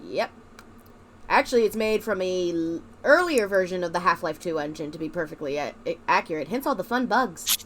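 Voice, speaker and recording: A woman's voice: fairly low pitch, expressive, fairly quick, a little hiss or hum. A young woman playing a video game and chatting, playful and sarcastic. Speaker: gamer. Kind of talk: let's play commentary.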